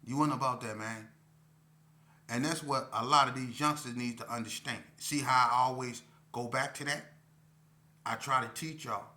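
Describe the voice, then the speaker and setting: A man's voice: mid-range voice, fairly even intonation, normal speed, pushed and bright. A middle-aged man telling a story from his past in a laid-back, slangy way, with lots of "you know" fillers. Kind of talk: casual street storytelling.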